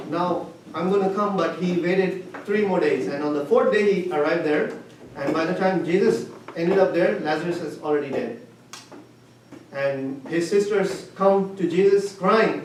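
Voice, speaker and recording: A man's voice: a little high, darkish tone. A man teaching a Bible lesson, retelling a story and asking his listeners questions as he goes. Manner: retells stories with questions to the class. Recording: echoey room, far from the mic, faint hiss.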